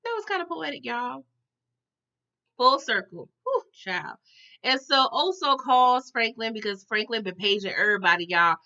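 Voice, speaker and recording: A lively woman talks her way through a TV episode recap, chatty and expressive. Her voice sits fairly high and sounds bright and forceful. The audio is a little dull, like a lo-fi recording. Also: normal speed. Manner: animated, chatty, addresses viewers as y'all. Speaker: TV recap vlogger.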